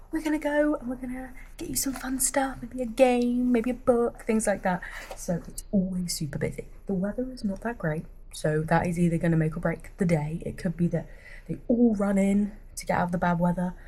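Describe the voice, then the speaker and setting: A young British woman talks casually to her vlog camera in a low, mellow voice. She rambles in a friendly way and often drops to a hushed half-whisper, with faint noise in the background. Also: low-quality recording. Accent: British English. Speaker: book vlogger.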